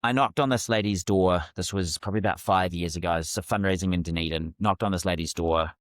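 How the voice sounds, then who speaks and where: A middle-aged man, a communication coach telling sales stories as a podcast guest, animated and often restarting his sentences. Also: low voice, quick pace, no room sound, clean studio sound. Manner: animated, restarts phrases mid-thought. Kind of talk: casual interview storytelling.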